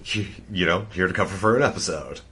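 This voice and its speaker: A man's voice: low-pitched, fast talker, sharp tone. A man from Eastern Canada, a guest on a podcast, chatting casually. He swears freely and giggles a lot. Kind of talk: casual chat.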